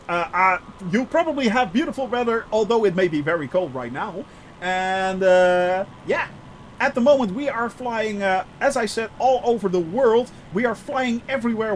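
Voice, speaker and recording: A man's voice: sits high, slight background noise, poor audio. A male streamer chatting casually with viewers during a live flight-sim game, greeting each by name with many fillers. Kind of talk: live-stream chat while flying.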